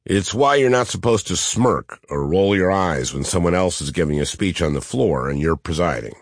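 A middle-aged man with a nasal Midwestern twang and a low, deep voice narrates his memoir as an audiobook. His delivery is dry and deadpan. The sound is close and dead, with no room echo. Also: moderate pace. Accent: Midwestern American. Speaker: senator reading his own memoir.

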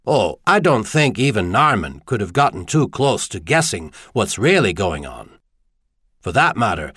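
A man's voice: medium pitch, fairly bright tone, no echo. A man voicing a stern young emperor who speaks dryly and plainly. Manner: dry, stern. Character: stern, dry-witted male emperor.

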